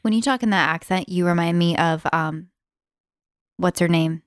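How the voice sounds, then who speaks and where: A woman's voice: lowish voice, moderate pace, no echo, clean studio sound. A woman co-hosting a casual chat podcast, chatty and full of "like". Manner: chatty, uses "like" a lot. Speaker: podcast co-host.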